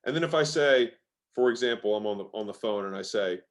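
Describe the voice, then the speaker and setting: A man's voice: lowish voice, expressive, fast. A man speaking as an interview guest in a casual, emphatic way, swearing now and then and using lots of "like" fillers. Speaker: guest, sales expert.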